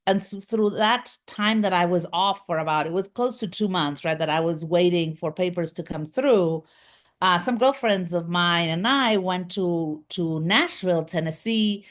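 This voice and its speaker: A woman's voice: fairly low pitch, moderate pace. A middle-aged woman from Argentina with an Argentine accent, a guest telling her story in a casual interview, rambling with many fillers and restarts. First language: Spanish. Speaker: guest, communications business founder.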